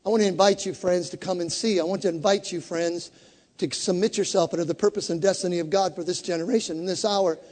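Very high-voiced fervent male preacher. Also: fairly even intonation, fast talker, a little mellow. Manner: fervent call-and-response preaching. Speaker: pastor. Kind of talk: sermon. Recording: long hall reverb.

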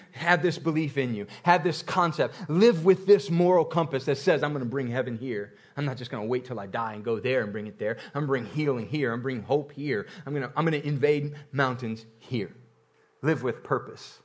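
A man preaching a sermon, repeating phrases and building intensity, with occasional laughter. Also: medium pitch. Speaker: pastor.

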